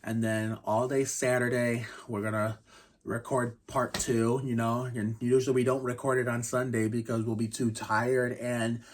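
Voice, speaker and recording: Guy in his 30s doing a quiet rambly game review vlog, pretty flat delivery. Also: mid-range voice, moderate pace. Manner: rambling, restarts often, casual swearing; speaks quietly to keep the noise down. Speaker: channel host reviewing basketball games.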